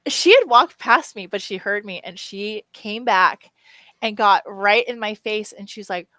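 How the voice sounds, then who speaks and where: A woman in her thirties co-hosting a podcast, telling a story in a lively, laughing way. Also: mid-range voice, measured pace, dry recording. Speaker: podcast co-host. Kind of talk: casual chat, storytelling.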